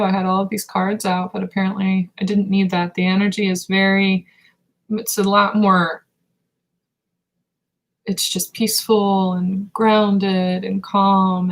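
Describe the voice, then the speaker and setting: On poor audio, a woman who works as an intuitive reader delivers a spiritual reading live. Her gravelly, fry-heavy voice moves slowly and meditatively at a steady pitch, and she keeps stopping, filling pauses as she searches for words.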